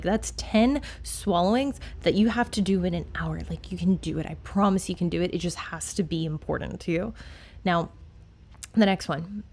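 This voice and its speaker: A woman's voice: medium pitch, darkish tone. A young woman hosting a solo fitness podcast who talks frankly and swears casually, rambling with lots of fillers.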